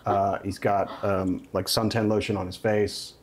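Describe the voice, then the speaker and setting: A man's voice: lowish voice, little pitch movement, moderate pace. A man running a tabletop game as game master, narrating loosely with plenty of fillers. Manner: loose, laughing, with many fillers.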